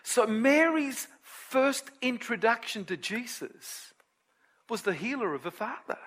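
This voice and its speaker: Guy preaching, high bright voice, acts out the story voices, gets quiet when explaining. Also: very animated, measured pace. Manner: drops to a low, quiet tone when explaining scripture. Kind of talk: sermon.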